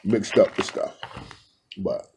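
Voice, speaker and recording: A man's voice: takes it slowly, darkish tone. A man in a casual, rambling talk to his viewers, addressing them directly and affectionately while filming himself indoors. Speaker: spiritual vlogger.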